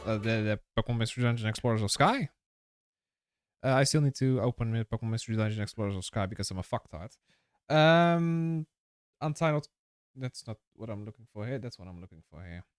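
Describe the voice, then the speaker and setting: A man's voice: lowish voice, animated, a little fast, clear, resonant tone, no room sound, studio quality. A man streaming a game live, chatting casually with his viewers in a rambling way, full of fillers and restarts. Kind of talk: casual live-stream chat while gaming.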